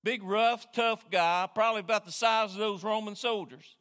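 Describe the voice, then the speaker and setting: Male pastor, lively high sermon voice with a bright edge, long reverb from a big church hall. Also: moderate pace, clear, resonant tone. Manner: animated, repeats words while thinking.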